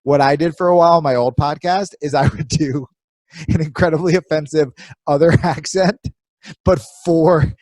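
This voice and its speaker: A man's voice: a little high, steady tone, moderate pace, a little mellow, dry recording. A man co-hosting a podcast in casual chat, giving blunt, profane coaching advice. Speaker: podcast co-host.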